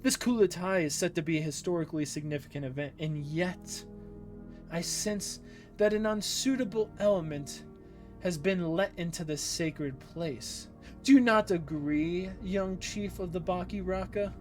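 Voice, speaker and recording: A man's voice: sits high, a little slow, soft background music. A man voicing a proud tribal chief who speaks in a pointed, accusing way.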